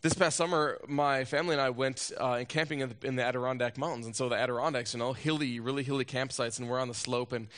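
A man preaching a sermon as a pastor, telling a personal story and asking rhetorical questions, swinging between loud urgency and hushed moments. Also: medium pitch, steady tone, fast talker, few pauses.

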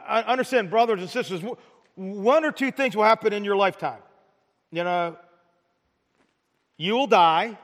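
A man with a high voice preaches a sermon, repeating words as he restarts and throwing rhetorical questions at the congregation. His voice carries a long reverb, as in a large hall. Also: fairly bright tone. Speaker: pastor.

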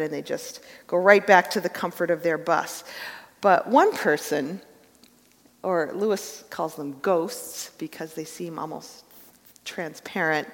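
A woman preaching a sermon, telling a parable earnestly in a measured storytelling manner. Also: fairly low pitch. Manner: earnest storytelling, softening to hushed prayer. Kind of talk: sermon with read-aloud story. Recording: long hall reverb.

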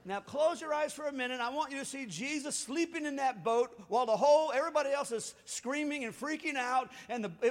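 High-voiced preacher in a reverberant hall. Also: male voice, animated, brisk, hardly any pauses. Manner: swings from loud exhortation to hushed, intimate talk. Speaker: pastor. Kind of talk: sermon.

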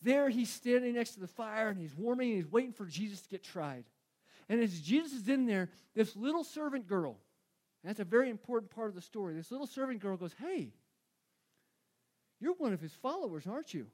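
High-voiced male preacher, emphatic. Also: lively intonation, a little fast, darkish tone. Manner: conversational, emphatic, repeats key phrases. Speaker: pastor. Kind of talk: sermon.

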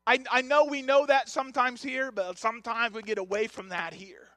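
A middle-aged man preaching an impassioned sermon, building to shouted, repeated phrases. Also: very high-pitched, steady tone, moderate pace, no echo. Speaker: pastor. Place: church sanctuary.

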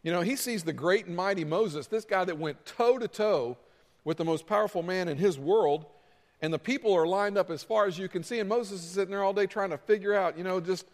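A male pastor preaching a sermon as relaxed, lively storytelling with acted asides. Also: high-pitched, fairly quick, long reverb tail.

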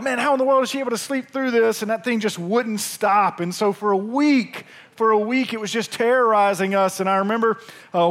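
A pastor preaching to his church, his voice sitting high for a man. He tells his story in an animated, chatty way and keeps turning to the congregation with asides. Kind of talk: sermon with storytelling. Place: church sanctuary.

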